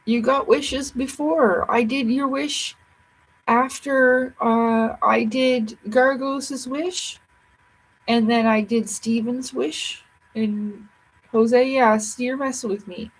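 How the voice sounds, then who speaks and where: A woman's voice: a little high, fairly even intonation, takes it slowly, breathy edge, poor audio. A tired woman chatting playfully and ramblingly with viewers on a casual livestream.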